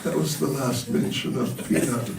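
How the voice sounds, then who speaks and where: A man's voice: mid-range voice, fairly even intonation, normal speed, creaky, over a noisy crowd. A man, a monk, telling humorous stories in a sermon at a temple and chuckling at his own jokes. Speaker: monk giving a talk at a temple. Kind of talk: storytelling sermon. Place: temple hall. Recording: roomy hall, voice from a distance.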